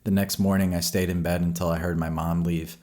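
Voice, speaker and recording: A man narrating a horror story in a slow, measured storytelling voice. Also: sits low, little pitch movement, a little mellow.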